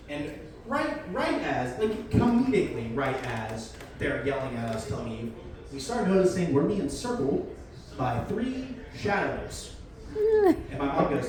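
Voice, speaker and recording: A man's voice: fairly high pitch, unhurried, far from the mic. A man performing a stand-up comedy set, telling a story with acted-out quotes. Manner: animated storytelling, acting out quotes. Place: beer garden stage before a live crowd. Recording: echoey venue, mic heard from afar, crowd laughter.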